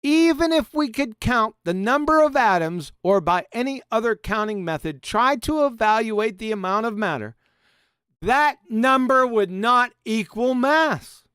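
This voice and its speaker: A man's voice: very high voice, lively intonation, unhurried, a bit bright, smooth, no room sound, clean studio sound. A man hosting a live stream, mocking and sarcastic, reading quotes and laughing often. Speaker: host.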